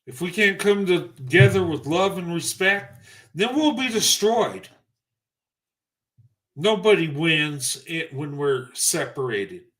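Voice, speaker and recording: A livestream commentator rants through an opinion monologue, emphatic and profane, in heated bursts. His voice is fairly high and slightly bright, swinging widely in pitch while keeping a slow pace.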